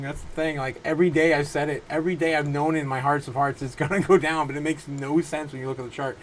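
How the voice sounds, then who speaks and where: Guy in his 30s doing a crypto livestream at home, rambly, lots of stop-start and laughing, slightly high voice. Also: slight background noise, poor audio. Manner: rambling, halting restarts, frequent laughs. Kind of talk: casual livestream chat reading viewer comments. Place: home room.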